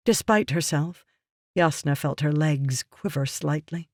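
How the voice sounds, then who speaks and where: Steady audiobook narrator, dry sound. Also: medium pitch, normal speed, dry recording. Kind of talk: scripted fantasy narration.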